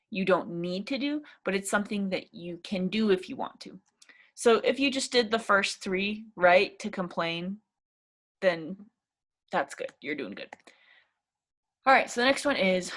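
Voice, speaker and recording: A woman's voice: lowish voice, a bit bright. A young woman teaching a casual English speaking lesson, chatty and encouraging, with plenty of fillers.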